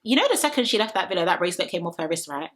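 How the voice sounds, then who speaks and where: Young female recap vlogger: bright, sassy, opinionated casual chat. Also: on the low side, sing-song, racing. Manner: opinionated, sassy, quotes people in mock voices. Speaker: reality show recap vlogger. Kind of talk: chatty recap to camera.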